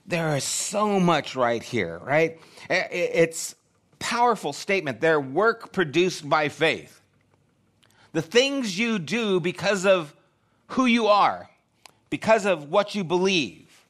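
A man's voice: high voice, expressive, takes it slowly, a bit bright. Earnest middle-aged male pastor preaching. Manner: earnest, conversational preaching with repeated phrases. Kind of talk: sermon.

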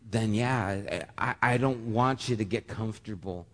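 Earnest pastor preaching in a reverberant hall. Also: male voice, mid-range voice, expressive, moderate pace, few pauses. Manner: earnest, repeats words when stammering, gets emotional. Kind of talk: sermon. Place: church sanctuary. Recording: long reverb of a church hall.

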